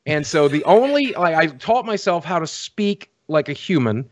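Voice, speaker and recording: A man's voice: on the high side, very animated, moderate pace, heavy background noise. A man on a podcast panel telling crude, self-mocking stories in casual banter. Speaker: guest panelist.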